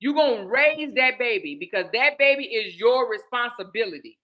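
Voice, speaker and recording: A woman voicing a stern but calm father who gives firm, measured commands. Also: fairly high pitch.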